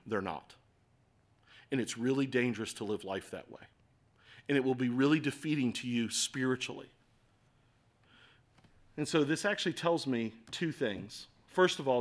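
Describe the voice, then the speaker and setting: A middle-aged man preaching a sermon in a conversational, animated way with acted asides. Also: medium pitch. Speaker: pastor.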